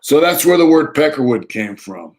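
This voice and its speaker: A man's voice: a little high, sing-song, normal speed, heavy background noise. A man chatting casually on a livestream, rambling and repeating himself, reading out viewer comments and talking to his dog in between. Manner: rambling, repeats himself, reads chat aloud. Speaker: livestream host.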